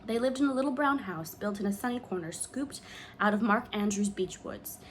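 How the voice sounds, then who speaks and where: A woman narrating an audiobook in a measured, expressive way. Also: medium pitch, slight background noise. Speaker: audiobook reader.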